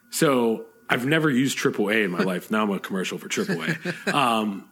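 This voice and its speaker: Husky-voiced man telling stories. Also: mid-range voice, moderate pace. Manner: animated storyteller, swears freely. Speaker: spirits producer and podcast co-host. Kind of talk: casual podcast chat.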